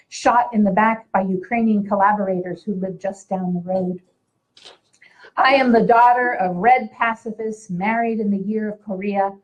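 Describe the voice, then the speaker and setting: A woman poet from Puerto Rico recites her verse at a public reading. She speaks in a measured, rhythmic way and lets each line land. Her voice sits at an ordinary middle pitch for a woman. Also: rough recording. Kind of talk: poetry reading.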